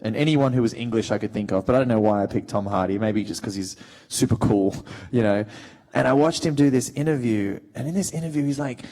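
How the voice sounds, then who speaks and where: A man's voice: medium pitch, a little fast. Chatty Australian man telling stories. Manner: animated storyteller, many fillers. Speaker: actor, panel guest. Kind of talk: anecdotal panel talk.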